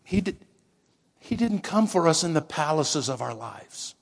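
A male pastor delivering a Christmas-season sermon at an unhurried pace, his voice sitting a little higher than most men's. He swells for emphasis, then sinks to hushed, whispered lines. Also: sing-song, vocal fry. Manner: slow, dramatic preaching with hushed whispered moments.

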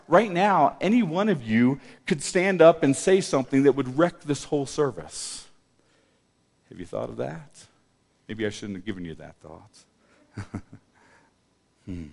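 Animated preacher in an echoing church. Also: male voice, medium pitch, creaky. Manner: animated, swings between loud emphasis and quiet asides, chuckles. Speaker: pastor. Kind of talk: sermon. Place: church hall. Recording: long reverb of a church hall.

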